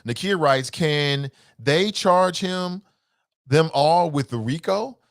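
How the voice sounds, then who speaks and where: A man with a Cincinnati accent hosts a solo political talk show, reading listener comments with passion and profanity. His slightly high voice has lively intonation and a slow pace, swinging between loud outbursts and muttered asides.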